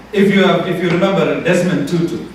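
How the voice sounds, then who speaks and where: A man's voice: high-pitched, moderate pace. A man preaching a sermon as pastor, retelling a story with acted-out quotes. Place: church sanctuary. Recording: echoey church hall, mic from far off, faint room noise.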